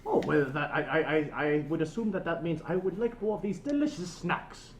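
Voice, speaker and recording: A man's voice: on the high side, normal speed. A man from China chatting as a co-host, stumbling over repeated words with playfully formal phrasing. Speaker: co-host, guest. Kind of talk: casual chat. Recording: roomy echo, faint noise.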